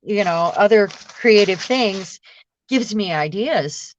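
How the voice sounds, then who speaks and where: A woman's voice: mid-range voice, lively intonation, slight background noise. Chatty woman on a dull lo-fi line. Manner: chatty, halting, friendly. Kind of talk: casual live-stream chat. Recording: dull dry lo-fi sound.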